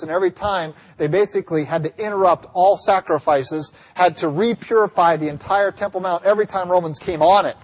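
A male pastor preaching a sermon, emphatic and building to near-shouts on key points. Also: high-pitched. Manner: emphatic, rising to near-yells on key lines. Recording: long hall reverb.

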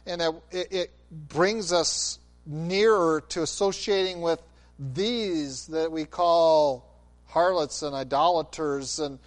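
A man preaching a sermon, expressive, moving between loud emphasis and quiet intensity. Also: fairly high pitch, takes it slowly. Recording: long hall reverb.

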